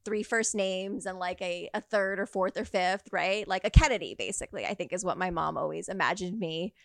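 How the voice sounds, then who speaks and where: A woman's voice: lowish voice, gravelly, dry recording. A woman talking as a podcast guest in casual chat, chatty and full of "like". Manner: rapid, chatty, fills with "like".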